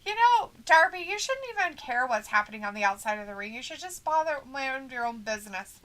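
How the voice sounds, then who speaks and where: A woman's voice: a little high, animated, quick pace, bright, forceful tone. A woman co-hosting a wrestling watch-along, reading viewer comments aloud in a playful, teasing way.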